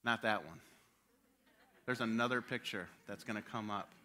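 A man preaching a sermon with passion, swinging from loud urging to hushed quiet. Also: fairly low pitch, moderate pace.

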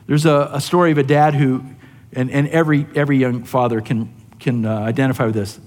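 A man's voice: medium pitch, fairly even intonation, brisk, darkish tone, long reverb tail. A man preaching a sermon as pastor, in a conversational way that keeps asking the listeners "right?". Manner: conversational, often asks "right?".

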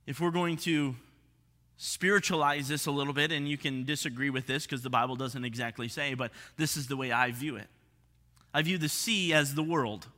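A man preaching a sermon as pastor, expressive, dropping to hushed tones for emphasis. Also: mid-range voice, normal speed, in a large hall.

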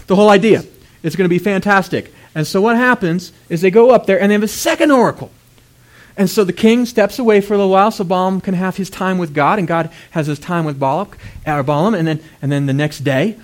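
A man preaching a sermon, retelling a story with lively, dramatic voices for its characters. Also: high voice, a little fast. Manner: animated storytelling, acts out characters with loud outbursts.

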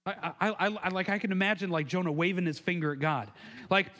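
Man, pastor, high voice, sermon, earnest, conversational, repeats himself, acts out quotes. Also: lively intonation, fairly quick, bright, forceful tone. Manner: earnest, conversational preaching with frequent restarts and stammered repeats; acts out quotes with raised pitch and emphasis.

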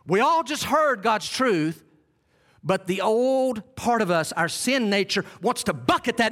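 A male pastor preaching a sermon to a congregation, reading scripture slowly and with emphasis. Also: high-pitched, expressive, fairly bright tone. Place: church before a live congregation.

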